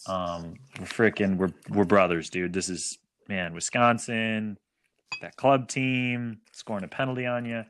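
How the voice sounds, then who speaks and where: Hesitant low-voiced man guest. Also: little pitch movement, unhurried, fairly bright tone, slight background noise. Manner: hesitant, many ums, storytelling. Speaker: guest, former soccer player. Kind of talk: casual podcast chat.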